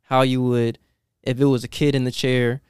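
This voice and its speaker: Young male guest, smooth resonant voice, animated storyteller, dry close sound. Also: medium pitch, moderate pace, dry recording. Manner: animated, laughing, many fillers and restarts. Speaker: guest, dental assistant. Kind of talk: casual storytelling interview.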